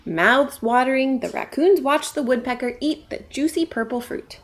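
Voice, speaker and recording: A woman's voice: high voice, normal speed, few pauses. A woman librarian reading a picture book aloud at storytime, asking the kids questions. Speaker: children's librarian. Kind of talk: children's storytime read-aloud.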